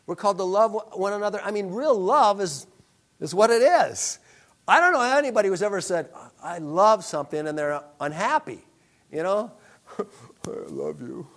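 A man's voice: high-pitched, lively intonation, normal speed, fairly bright tone. A male pastor preaching a sermon, emphatic, with rhetorical questions to the congregation.

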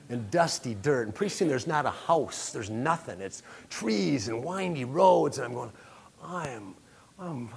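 A pastor preaching, telling a lively personal story and acting out his own panic before drawing the lesson. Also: mid-range voice, creaky, a little hiss or hum.

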